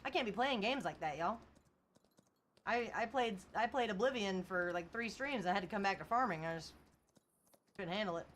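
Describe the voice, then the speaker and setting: A woman's voice: medium pitch, animated, normal speed, pauses often, fairly bright tone, slight background noise. A young woman chatting casually on a livestream, laughing often and reading chat aloud. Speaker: streamer.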